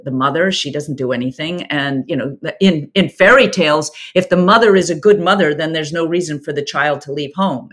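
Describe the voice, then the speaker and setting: A woman's voice: fairly low pitch, a bit bright. A woman theater director recounting stories in an interview, reflective and anecdotal with frequent restarts. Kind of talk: interview storytelling.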